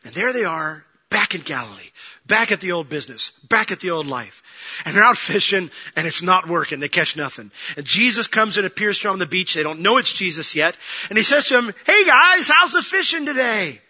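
A man preaching a sermon, telling a story with lively acted-out lines, swinging from loud and fast to quiet and low. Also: breathy edge, muffled recording. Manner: animated storytelling, acting out quoted lines, rising to near-shouting then dropping low. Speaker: pastor.

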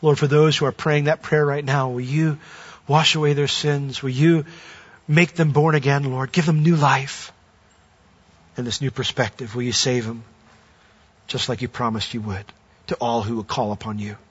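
A man preaching as a pastor, urging listeners earnestly and then leading a hushed closing prayer. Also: mid-range voice, level tone, moderate pace, breathy edge, lo-fi sound.

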